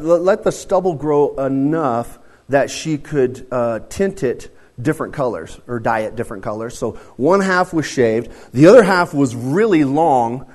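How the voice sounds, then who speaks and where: Man, fifties, preacher, sermon, casual storytelling, joking asides, somewhat high voice. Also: a little mellow. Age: 50s.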